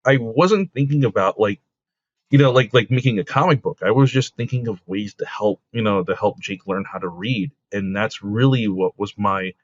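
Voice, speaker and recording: A man, a comic book creator, telling stories casually in an interview, full of fillers and quick laughs. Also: lowish voice. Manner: rambling, with many fillers like "like" and "you know". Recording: dull lo-fi dry recording.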